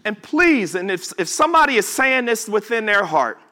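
High, lively-voiced male preacher. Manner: emphatic, with drawn-out words and sudden shouts; conversational asides to the congregation. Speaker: pastor. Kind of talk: sermon. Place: church service before a congregation.

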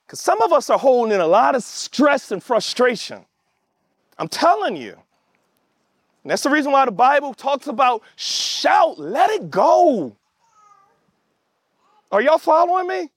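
A man preaching a sermon, emphatic, calling out to the congregation and shouting at the peaks. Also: very high voice, sing-song, unhurried, long pauses, dry recording, studio quality. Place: church service with online audience.

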